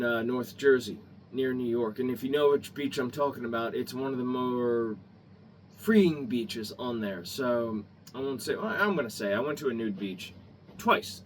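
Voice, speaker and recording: A man with a fairly high voice rants in a heated, rambling way and swears freely. He sits back from the microphone, so his voice sounds distant. A faint ambient hum runs under him. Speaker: vlogger. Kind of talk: angry opinion rant.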